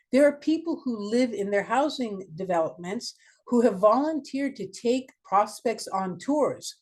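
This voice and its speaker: A woman marketing consultant, appearing as a guest speaker, gives a webinar presentation in a medium-pitched, darkish voice. She is direct and emphatic, asking the listeners many questions.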